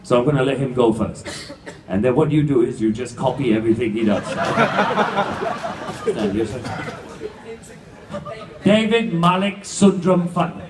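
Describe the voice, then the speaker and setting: A man in his fifties running stage games at a banquet, loudly teasing the contestants. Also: medium pitch, lively intonation, a little fast. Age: 50s. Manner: teasing, loud and joking. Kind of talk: live stage banter with audience. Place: large banquet hall. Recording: echoey hall, distant, crowd noise.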